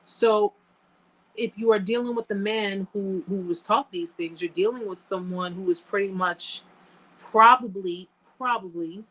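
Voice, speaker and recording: A woman's voice: medium pitch, a bit bright, rough recording. Earnest woman hosting a live chat. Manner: earnest, emphatic, speaks directly to viewers. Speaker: host answering live chat. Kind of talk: live-stream talk to viewers.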